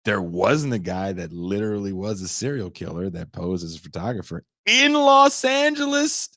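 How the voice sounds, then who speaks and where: A man's voice: lowish voice, sing-song, pushed and bright, dry recording, clean studio sound. A young man hosting a podcast, retelling a film's plot in a profane, sarcastic way and briefly acting out the characters. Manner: profane, sarcastic, acts out characters in quick voices. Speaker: podcast host reviewing a film. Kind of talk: casual comedic retelling.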